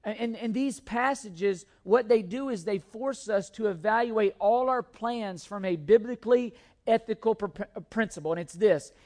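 A man's voice: sits high, moderate pace, a little mellow. A man preaching a sermon, reading scripture aloud and explaining it in an earnest, emphatic way, often restarting and repeating words. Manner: reads scripture aloud between comments.

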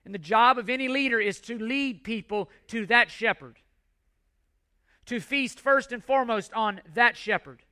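High, bright-voiced preaching man. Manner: emphatic, repetitive preaching with measured pauses. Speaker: pastor. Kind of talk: sermon.

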